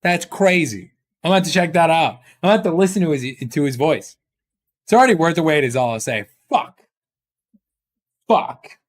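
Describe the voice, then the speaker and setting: A man's voice: a little high, expressive, normal speed, long pauses. A man chatting casually on a live stream, rambling and joking with his chat, swearing often.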